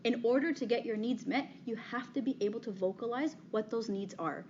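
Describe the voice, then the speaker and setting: A woman's voice: a little high, brisk, a little mellow. A woman in her thirties giving a talk to an audience, direct and conversational, checking in with "okay?" after nearly every point. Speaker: speaker giving a talk on dating. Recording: slightly dull, faint background noise.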